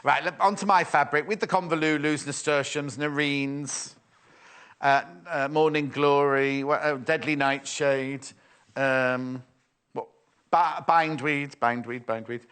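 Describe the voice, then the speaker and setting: A man's voice: fairly high pitch, steady tone, unhurried, a bit bright, smooth. A man presenting a live sewing shopping show, chatty and playful as he reads out viewer messages. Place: TV studio.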